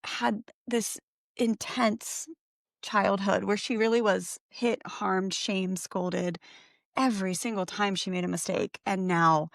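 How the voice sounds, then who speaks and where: A woman's voice: medium pitch, fairly even intonation, slow, vocal fry, no echo, clean studio sound. A middle-aged woman co-hosting a parenting podcast, telling a story in a chatty, casual way with lots of fillers and self-corrections.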